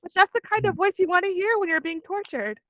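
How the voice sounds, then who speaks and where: A woman's voice: very high voice, fast talker, fairly bright tone, no room sound, rough recording. A woman hosting a casual podcast interview, playful and bubbly as she asks questions. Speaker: podcast host.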